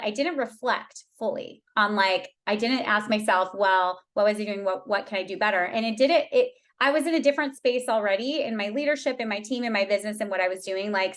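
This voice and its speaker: A woman's voice: mid-range voice, fairly bright tone. A woman in her thirties, a team leader telling her team an emotional story in a candid talk, with many restarts.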